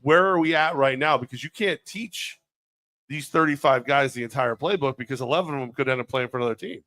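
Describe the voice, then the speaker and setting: A man hosting a casual live chat as team president, joking and animated. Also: mid-range voice, brisk, no echo. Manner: joking, animated, acts out quoted people.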